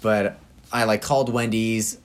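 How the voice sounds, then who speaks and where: A man's voice: fairly low pitch, little pitch movement, unhurried. A young man co-hosting a podcast, telling a story in a rambling, laughing way with many fillers. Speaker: podcast co-host. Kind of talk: casual chat.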